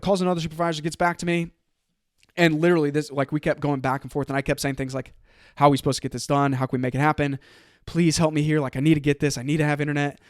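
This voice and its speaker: Man, solo motivational podcast host, energetic storytelling, rapid delivery, dry close mic. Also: on the high side, no echo. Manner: energetic, conversational, quotes others in his own voice.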